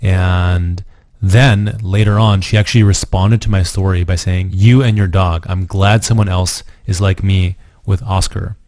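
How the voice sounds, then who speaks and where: Male course instructor, very deep voice, matter-of-fact, dry close mic. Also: steady tone, unhurried, darkish tone, no room sound. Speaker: dating coach. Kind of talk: recorded course lesson.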